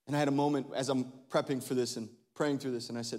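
A man in his thirties, a pastor preaching a lively sermon, swinging between loud exclamations and hushed asides and laughing often. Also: mid-range voice, fast talker, hardly any pauses. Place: large church hall. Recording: long hall reverb.

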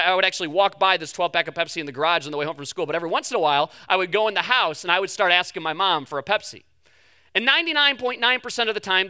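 A man's voice: high voice, pushed and bright. A man in his thirties preaching a sermon, conversational and emphatic, weaving family stories into a Bible passage. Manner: conversational, storytelling, emphatic on key points. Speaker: pastor.

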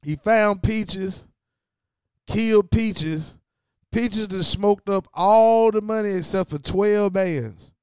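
A man talks over a TV finale at an unhurried pace, loose and full of slang as he speaks straight to his viewers. His voice sits high and sounds smooth and clear. The recording is dry and close, with no room sound. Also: no echo. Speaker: show host. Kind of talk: casual TV recap commentary.

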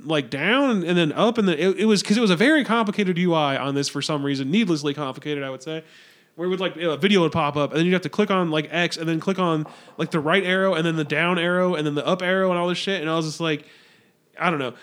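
A man's voice: a little high, quick pace, a bit bright. A young man co-hosting a casual podcast, telling rambling work stories with plenty of swearing. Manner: rambling storyteller, swearing, laughing at his own jokes. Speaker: podcast co-host. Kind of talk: casual chat.

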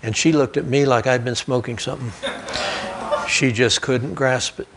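A man's voice: medium pitch, fairly even intonation, moderate pace, noisy background. A male pastor, preaching a sermon through folksy personal stories and asides. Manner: storytelling preacher, folksy asides, occasional restarts. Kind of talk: sermon storytelling. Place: church sanctuary.

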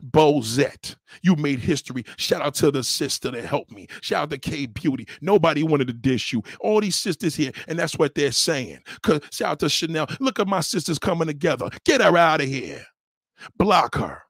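Heated man ranting, husky voice. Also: a little high, lively intonation, normal speed, no echo, clean studio sound. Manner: heated, scolding, repetitive. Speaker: livestream host. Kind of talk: ranting commentary.

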